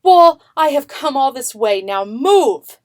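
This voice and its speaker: A woman's voice: high voice, sing-song, slow pace, pitched above the performer's own voice, full character voice. A woman voicing a determined young girl who demands that a wall move. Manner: shouting, insistent.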